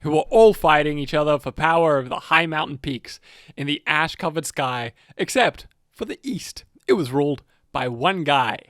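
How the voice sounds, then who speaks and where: A man's voice: on the high side, moderate pace, a bit bright, no echo, studio quality. Profane rambling man telling fantasy lore. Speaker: podcast co-host narrating lore. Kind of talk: casual lore chat.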